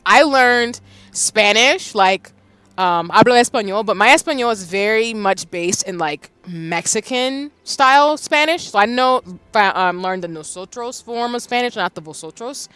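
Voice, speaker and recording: A streamer from the Southern United States chatting casually on a live stream, animated and quick to laugh. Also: medium pitch, clear, resonant tone, no echo.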